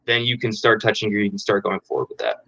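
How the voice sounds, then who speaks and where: A man's voice: on the low side, animated, fast talker, creaky, a bit bright, dry recording. A man in his twenties, a guest on an interview show, explaining dating advice frankly with plenty of fillers and restarts. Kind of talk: casual interview answers. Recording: dull lo-fi dry audio.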